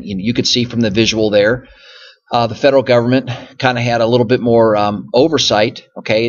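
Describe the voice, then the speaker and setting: The audio is dull in this recorded classroom lecture, where a male history teacher with a mid-range voice works through slides. He's patient in his explanations and keeps returning to points with "so again" and "okay?".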